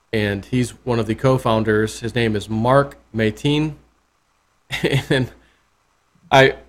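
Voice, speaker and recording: A man runs a casual interview, rambling and jokey as he works through his questions. His pitch sits in a plain middle range. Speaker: crypto YouTube host.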